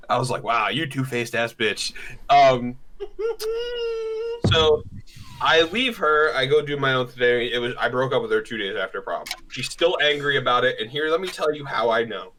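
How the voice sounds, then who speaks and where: A young man in a casual podcast chat, telling a crude story in an animated way and acting out the people in it. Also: medium pitch, normal speed, pauses often, background noise. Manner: crude, animated, acts out quotes. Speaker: podcast co-host.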